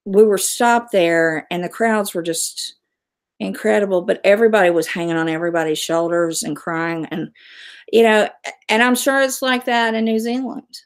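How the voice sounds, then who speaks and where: A middle-aged woman from West Virginia, USA, hosts a casual livestream, chatting and responding to viewer comments. Her voice is medium in pitch and her pace is moderate.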